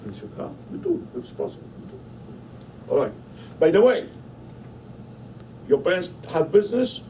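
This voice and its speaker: A man with a high voice leads a Torah lesson in a study hall, pressing his points and quizzing his listeners. He is picked up from some distance, with a faint background hum. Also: big pitch swings, moderate pace, dark tone. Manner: emphatic, questioning the listeners. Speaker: rabbi teaching a class. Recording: voice from a distance, faint room noise.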